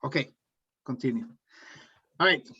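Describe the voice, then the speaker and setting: This Colombian English teacher, running a live online lesson, jokes warmly and repeats important phrases in his Colombian Spanish accent. His voice is medium-pitched, sharp and breathy-edged, and he takes his time. The sound quality is dull and lo-fi.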